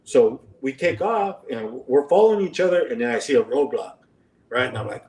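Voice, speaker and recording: A man's voice: mid-range voice, expressive, brisk, a little mellow, recorded from a distance. A man telling stories in a casual podcast chat, rambling with many fillers and acting out quoted lines. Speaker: podcast guest. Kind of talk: casual storytelling. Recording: roomy and off-mic.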